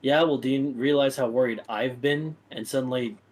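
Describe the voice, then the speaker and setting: A man's voice: medium pitch, fairly even intonation, moderate pace, darkish tone, rough recording. A man running a tabletop game as dungeon master, narrating in a loose, casual way.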